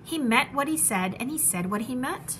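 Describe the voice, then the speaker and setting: A woman teacher reading a children's storybook aloud with animated, rhythmic rhyming narration. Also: sits high, normal speed, background noise.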